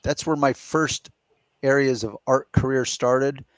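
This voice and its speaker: A man's voice: mid-range voice, fairly even intonation, measured pace, no room sound. A middle-aged man hosting a casual live question-and-answer chat, explaining his points step by step and reasoning aloud. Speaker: podcast host.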